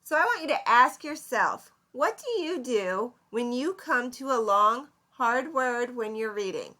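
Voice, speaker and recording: A woman teacher giving a recorded lesson, explaining slowly and clearly and asking her students questions. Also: fairly high pitch, animated, sharp tone. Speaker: seventh grade English teacher.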